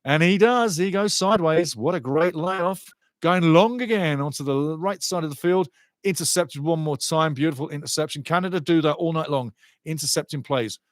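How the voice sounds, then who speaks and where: A man commentating live on a soccer match for a watchalong stream, excitable and sarcastic, often repeating his phrases. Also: fairly high pitch, moderate pace, no room sound, studio quality.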